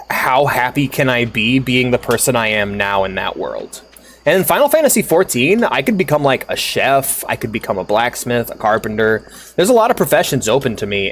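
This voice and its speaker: A man streaming and chatting loosely with his viewers, jumping from topic to topic with plenty of swearing and laughter. His voice sits at an ordinary middle pitch, and a faint hiss of noise runs under it. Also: a bit bright. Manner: rambling, swears freely, laughs often. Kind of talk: casual stream chat.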